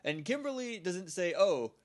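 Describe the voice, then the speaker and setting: A man co-hosting a podcast, chatting casually about an episode, laughing often and chiming in with quick remarks. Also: a little high, expressive. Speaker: podcast co-host. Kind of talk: casual chat recapping a TV episode.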